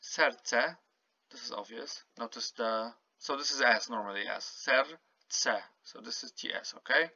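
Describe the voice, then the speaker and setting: A man teaching a casual language lesson, slowly and patiently modelling each word and repeating it for the learner. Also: mid-range voice, pushed and bright, dry recording. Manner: slow, patient, repeats words to model pronunciation. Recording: dull lo-fi home recording.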